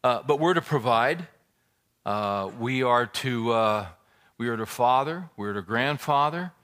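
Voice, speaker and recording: A man's voice: medium pitch, animated, a little slow, fairly bright tone. A man preaching a sermon, praying and telling a folksy joke in an earnest way. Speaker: pastor.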